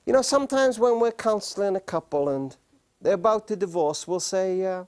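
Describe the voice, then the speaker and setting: A middle-aged man giving an earnest storytelling talk on marriage to a live studio audience, slowing down and pausing for emphasis. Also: high voice, a little mellow. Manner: earnest, with slow emphatic pauses. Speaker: speaker on marriage.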